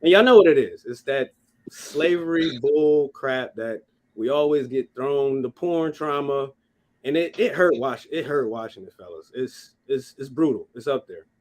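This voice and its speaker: A man at a middle pitch talks through a movie on a casual podcast. His delivery is animated and profane, piling on restarts as he gets into the story. It is loose group chat with friends. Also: moderate pace. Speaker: podcast co-host.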